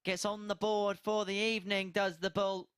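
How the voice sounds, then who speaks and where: A man's voice: high voice, level tone, moderate pace, fairly bright tone, clean tone, no echo. A young man co-commentating live darts from the commentary box, giving figures and dry, understated quips. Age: young adult.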